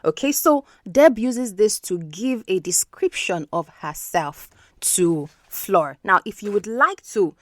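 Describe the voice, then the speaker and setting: A woman's voice: medium pitch, expressive, slow pace, no room sound, studio quality. Patient woman teaching English. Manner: patient, explanatory, checks in with frequent "okay?". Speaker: English teacher and podcast host. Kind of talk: podcast English lesson.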